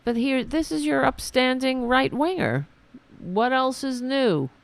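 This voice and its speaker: A woman hosting a political commentary podcast, ranting sarcastically and mocking opponents in high put-on voices. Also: lively intonation, a little slow, creaky, no echo.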